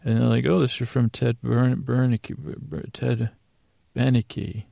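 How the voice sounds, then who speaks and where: A man hosting a sleep podcast, recapping a TV episode in a meandering, halting way with many pauses and self-corrections. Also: mid-range voice, fairly even intonation, gravelly, dark tone, no room sound, clean studio sound. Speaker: podcast host.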